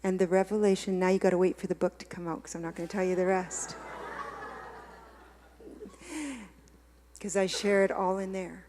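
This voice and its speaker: A woman preaches a personal, confessional sermon at a medium pitch. Her delivery swings between hushed intimacy and loud, emphatic exhortation. Long church-hall reverb trails after her words. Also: normal speed, pauses often, a little hiss or hum. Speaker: guest speaker.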